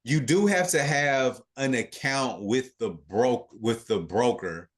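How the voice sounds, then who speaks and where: A man hosting a live online investing class, answering questions over a video call in a relaxed way, with many fillers and restarts. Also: mid-range voice, slow.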